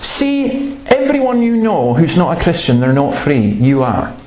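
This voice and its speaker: A man's voice: a little high, big pitch swings, moderate pace, dark tone, dull audio. A man preaching a sermon in an earnest, emphatic way, breaking off to tell stories. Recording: roomy, echoey room sound.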